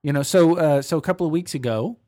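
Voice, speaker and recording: A man's voice: fairly high pitch, fast talker, mellow, no room sound. A man co-hosting a podcast at a studio table, talking loosely with lots of fillers. His voice sits a little above the usual range. The sound is dry and close, with no room around it. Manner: easygoing, chatty, with frequent fillers. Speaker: podcast host. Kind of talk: casual podcast chat. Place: studio table, seated across from co-host.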